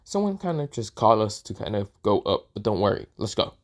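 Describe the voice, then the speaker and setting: A man as a pushy, hurried schoolgirl. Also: on the low side, sing-song. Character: brisk blue-haired schoolgirl, pushy.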